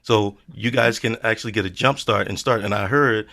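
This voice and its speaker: A man with a low, gravelly voice hosts a casual interview. He asks questions in a relaxed, joking way and often turns to address the audience directly. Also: a little fast, a little hiss or hum. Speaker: show host.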